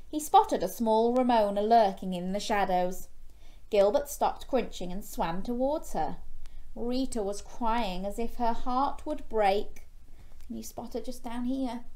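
Slow, gentle woman storyteller. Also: fairly high pitch. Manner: gentle, asks young listeners questions. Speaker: children's storyteller. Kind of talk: bedtime story reading.

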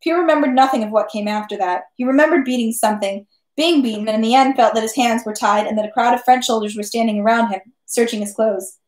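A woman reading a classic novel aloud at home, steady with occasional slips and self-corrections. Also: fairly high pitch, fast, reverberant. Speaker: reader.

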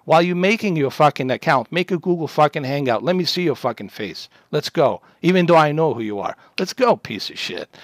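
A man's voice: fairly high pitch, lively intonation, fast, hardly any pauses, no room sound, studio quality. Furious, foul-mouthed streamer man. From Bosnia. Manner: profane, aggressive, threatening. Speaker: livestreamer. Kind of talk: angry livestream rant at a chat troll.

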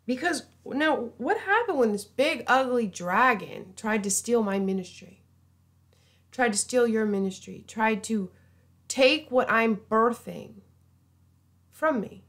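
A woman giving an informal sermon, earnest and pleading, often dropping to a hushed voice. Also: a little high, lively intonation, slow. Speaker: preacher.

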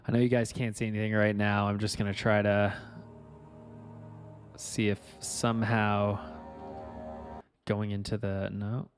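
A man's voice: fairly low pitch, level tone, measured pace, pauses often, soft background music. A man chatting casually to viewers on a live stream as he fixes his game setup, frustrated and self-mocking, muttering to himself.

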